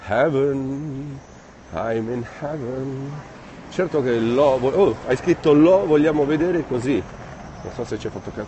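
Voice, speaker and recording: A man with an Italian accent chats to viewers in a loose, friendly way, stopping to search for words as he walks along city streets. His pitch sits in the middle range for a man. His phone picks up faint outdoor sounds and a passing vehicle now and then. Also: dark tone, a little hiss or hum. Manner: friendly, chatty, halting non-native phrasing. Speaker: live streamer. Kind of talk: casual live-stream chat, reading viewer comments.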